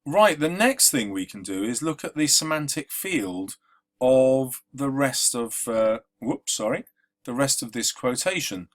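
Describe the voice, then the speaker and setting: A man's voice: medium pitch, lively intonation, a little slow. A man teaching a literature lesson, conversational and explanatory, with frequent ums and uhs. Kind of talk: exam-revision lesson.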